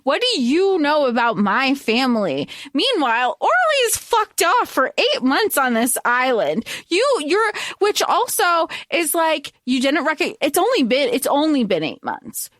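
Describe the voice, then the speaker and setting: A woman's voice: sits high, unhurried, few pauses, no room sound, studio quality. A woman co-hosting a podcast, recapping a fantasy novel in casual chat and acting out the characters' lines. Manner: animated, acts out character lines, swears. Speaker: podcast co-host.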